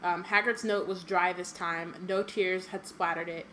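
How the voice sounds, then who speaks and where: A woman's voice: fairly low pitch, steady tone, moderate pace, fairly bright tone, slight background noise, low-quality recording. A woman reading a book aloud with frequent filler ums and joking asides, in a casual chat. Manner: reads passages with many filler ums and asides. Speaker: podcast co-host reading aloud.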